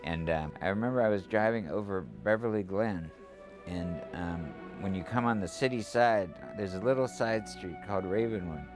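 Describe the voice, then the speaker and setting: A male screenwriter calmly explaining how he came up with a character's name. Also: low-pitched, moderate pace, music in the background. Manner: calm, thoughtful recollection. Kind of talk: reflective interview.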